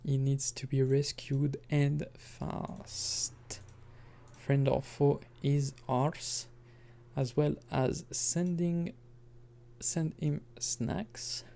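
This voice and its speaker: Slow, gravelly man narrating gameplay. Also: fairly high pitch, mellow. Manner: rambling, self-correcting, chuckling asides. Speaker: gaming commentator. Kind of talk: casual let's-play commentary.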